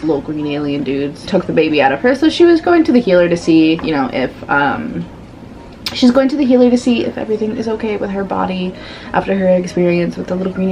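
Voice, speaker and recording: A woman chatting casually in a reading vlog, giving animated, sassy commentary on a book and laughing often. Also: on the low side, a little hiss or hum. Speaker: book vlogger.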